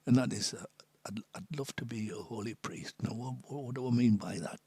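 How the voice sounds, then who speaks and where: A man's voice: medium pitch, brisk, warm tone, husky, dry recording. A man in his seventies with a North East English accent, a missionary priest telling stories in a chatty way, laughing often and dropping to a near whisper on serious points. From Sunderland, England. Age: 70s. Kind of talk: casual storytelling chat.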